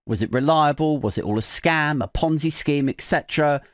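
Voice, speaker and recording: A man's voice: a little high, normal speed, no echo, studio quality. A man hosting a podcast, giving a crude, sarcastic comedic commentary and slipping in mock voices. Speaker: podcast host.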